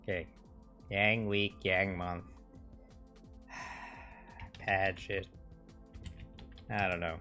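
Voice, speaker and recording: A man's voice: deep voice, flat delivery, drawn-out words, pauses often, sharp tone, faint music behind. A man hosting a casual livestream, rambling with many restarts, swearing and mocking in sarcastic quotes. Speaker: livestream host.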